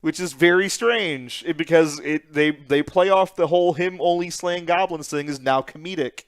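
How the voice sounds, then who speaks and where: A man's voice: a little high, normal speed, clean tone. A young man co-hosting a podcast, chatting casually and swearing freely as he retells scenes in quoted voices. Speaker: podcast co-host. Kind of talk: casual chat.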